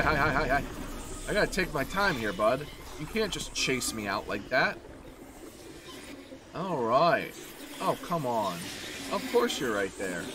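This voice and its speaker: A man's voice: mid-range voice, background noise. A man hosting a horror game let's play, joking with the enemy and yelping whenever he gets hit. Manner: jokey, talks to the enemy, yelps when hit. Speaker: gaming channel host.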